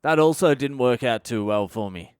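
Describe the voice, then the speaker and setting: A middle-aged Australian comedian hosts his own podcast, delivering a profane, ranting, self-mocking monologue of comic stories. His medium-pitched voice is a little mellow and lively in intonation at a normal speed. The studio sound is clean and dry.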